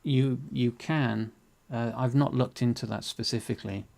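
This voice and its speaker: A man's voice: mid-range voice, fairly even intonation, moderate pace, creaky, a little mellow. A man casually explaining a 3D program on screen, with many ums and restarts. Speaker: 3D tutorial host. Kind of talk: casual screen-share chat.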